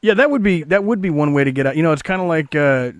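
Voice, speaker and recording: A man's voice: fairly high pitch, animated, quick pace, no room sound. A man from the Midwest, cracking jokes and teasing in a casual podcast chat. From American Midwest. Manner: joking, teasing banter.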